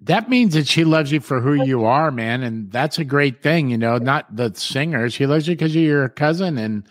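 Male host, middle pitch, chatty and rambling, dry studio mic. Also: animated, normal speed, no room sound. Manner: rambling storyteller, keeps saying "man" and "you know". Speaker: show host. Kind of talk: casual talk show chat.

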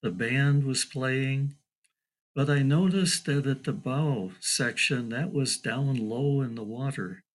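An older man, a local historian, slowly and deliberately telling a historical story and quoting a survivor's account. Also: medium pitch, rough recording. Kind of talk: slow spoken storytelling.

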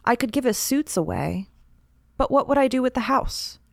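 A woman's voice: high voice, lively intonation, moderate pace, creaky, no room sound, pitched above the performer's own voice, full character voice. A woman voicing an anxious, fretful housewife who scolds herself, in a dry, close read story.

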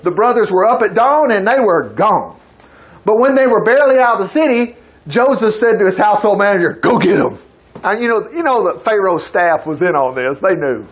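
A man teaches through a Bible passage in casual study style. His voice sits high, and he keeps pausing the reading to chuckle and comment. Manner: reads aloud, breaks in with chuckling asides.

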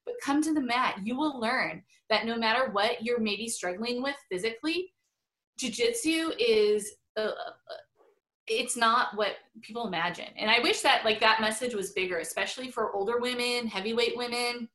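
A woman's voice: fairly high pitch, normal speed, a bit bright. A middle-aged woman chatting as an interview guest, full of fillers and frequent laughs. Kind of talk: casual interview chat.

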